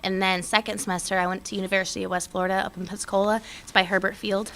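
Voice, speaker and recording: A young woman in casual interview chat, talking fast and loose with many fillers. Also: mid-range voice, slight background noise. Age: young adult. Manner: chatty, many fillers, animated when quoting others. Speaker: guest, airman.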